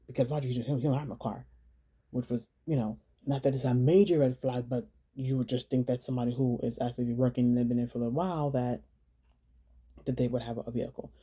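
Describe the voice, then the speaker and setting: A woman telling her own story in a vlog, halting and earnest, often repeating words and phrases. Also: a bass voice, fairly even intonation, warm tone, husky. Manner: earnest, urging viewers to slow down.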